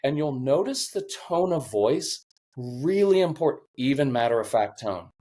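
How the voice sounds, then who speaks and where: A man's voice: medium pitch, normal speed. A man in his fifties, a parenting coach giving advice in an interview, talking intensely and acting out what parents and children say. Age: 50s. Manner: intense, animated, acts out quoted voices.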